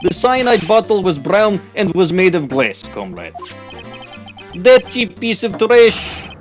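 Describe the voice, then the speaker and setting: A man's voice: high voice, sing-song, slow, pitched above the performer's own voice, heavily acted. A man doing a blustering Russian-accented villain. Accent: Russian (put on). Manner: loud, gloating, calls everyone comrade. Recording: faint music behind.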